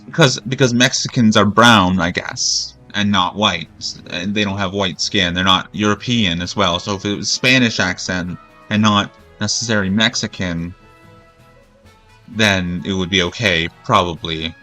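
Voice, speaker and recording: Man, gaming streamer, bright voice, profane rambling rant, faint music behind. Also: low voice, normal speed. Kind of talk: gameplay commentary rant.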